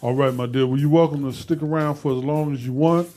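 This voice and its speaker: A man's voice: on the high side, steady tone, fast talker, mellow, soft background music. A man hosting a live talk show, chatting casually and joking, with loose conversational phrasing. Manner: joking and playful, breaks into laughter.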